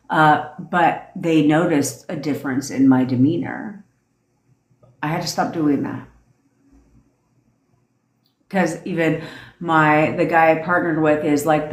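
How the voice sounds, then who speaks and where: A young woman rants bluntly on a phone livestream, swearing freely and pressing each point hard. Her voice sits low. The sound bounces around an echoey room. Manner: blunt, profane, emphatic. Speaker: manifestation coach. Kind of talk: livestream rant.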